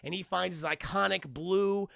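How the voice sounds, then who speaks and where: A man streaming a casual, profane episode recap, animated and constantly addressing his chat. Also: high-pitched, normal speed, creaky, no echo, studio quality. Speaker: streamer and cartoon reviewer.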